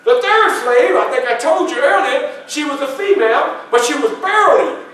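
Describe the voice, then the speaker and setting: A man's voice: very high voice, lively intonation, normal speed, fairly bright tone, slight background noise. A man performing a first-person historical character for a library audience, telling his story in a folksy way and quizzing the crowd. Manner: folksy, questions the audience, plays the other people in the story. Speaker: historical reenactor. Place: library meeting room. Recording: echoey room from a far camera.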